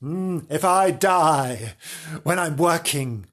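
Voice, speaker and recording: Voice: mid-range voice, animated, slow. A podcast host putting on the voice of an angry young chambermaid who pleads, in a raised, strained tone. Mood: pleading.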